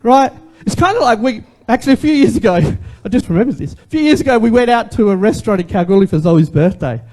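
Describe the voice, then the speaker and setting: A man preaching to his congregation in a loose, conversational sermon. His voice sits high and leaps all over the place with a lively energy. He keeps turning rhetorical questions back on his listeners. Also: fast. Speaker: pastor.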